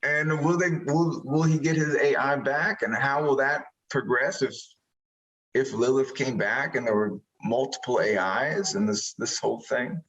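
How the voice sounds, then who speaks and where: A man, an actor being interviewed, talking casually and rambling, animated when he retells moments. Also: medium pitch, a little slow, dull audio.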